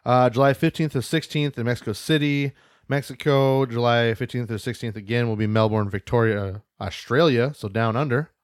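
A man's voice: mid-range voice, normal speed, clear, resonant tone, no room sound, studio quality. A man co-hosting a casual podcast, reading out news and events with loose, joking asides and casual swearing. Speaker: podcast co-host.

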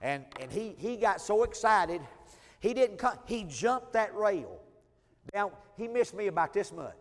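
A male preacher with a drawl tells his testimony in a folksy, storytelling way. His voice sits high for a man, and his volume rises and falls sharply. The sound carries a long reverb from a large hall. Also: sing-song, measured pace. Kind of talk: sermon storytelling.

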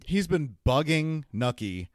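A man co-hosting a casual TV recap podcast, relaxed and jokey, with loud laughs. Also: fairly high pitch, slow, no echo, clean studio sound. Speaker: podcast co-host.

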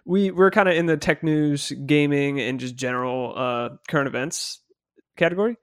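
A man with a fairly high voice co-hosts a podcast and puts questions to the guest. He talks casually and stops and restarts as he goes. The sound is dry and close. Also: clean tone, dry recording. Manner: halting, restarts his questions. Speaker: podcast co-host.

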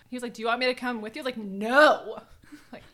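A young woman co-hosting a podcast, telling a story in animated, casual chat. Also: high-pitched. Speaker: podcast co-host.

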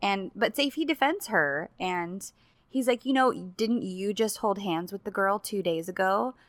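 A woman co-hosting a casual chat recap of a TV drama, animated, laughing often and acting out quotes. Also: medium pitch, unhurried, dry recording. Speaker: podcast co-host.

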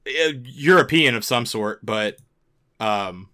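A man co-hosting a podcast in relaxed casual chat, with frequent hesitations and fillers. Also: medium pitch, takes it slowly. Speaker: podcast co-host.

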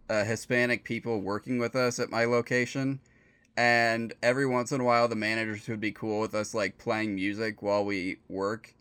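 A young man co-hosting a podcast, talking in a relaxed, dry way with many fillers. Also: mid-range voice, clean tone. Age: young adult. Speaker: podcast co-host. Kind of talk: casual podcast banter.

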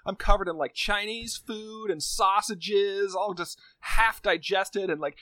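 A man's voice: sits high, measured pace, sharp tone, dry recording. A man telling a crude comic story on a podcast, rambling and profane, full of "like". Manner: rambling, heavy on filler "like", profane.

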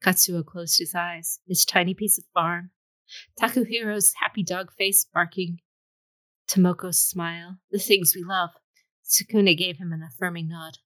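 A woman's voice: lowish voice, fairly even intonation, unhurried, fairly bright tone, no echo, poor audio. A woman reading a fantasy story aloud with dramatic storytelling. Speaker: audiobook reader. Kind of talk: scripted fantasy narration.

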